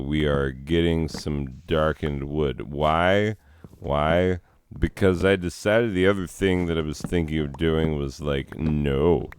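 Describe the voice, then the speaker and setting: A man's voice: rumbling low, clear, resonant tone, no echo. A man hosting a casual vlog outdoors in a forest, rambling with jokey, sarcastic asides. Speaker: host.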